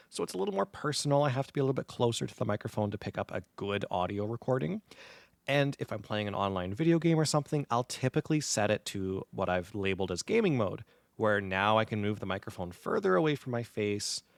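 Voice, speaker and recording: A man in his thirties spins a lively tale in relaxed podcast chat, his low voice sitting right on a close microphone. The sound is dry and intimate, with no room around it. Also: gravelly, no echo. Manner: animated storyteller, acts out quoted gamers. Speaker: podcast co-host. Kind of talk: casual chat. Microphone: close dynamic podcast mic.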